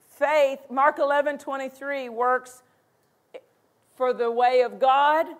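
A woman pastor preaching a sermon, emphatic and repeating key phrases. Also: a little high.

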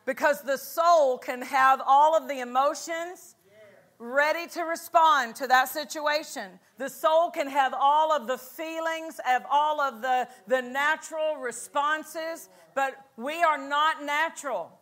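A woman's voice: high-pitched, takes it slowly, fairly bright tone. A woman pastor preaching a fervent sermon at a conference, repeating lines and calling out for an amen. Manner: fervent, repetitive, call-and-response. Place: church conference hall.

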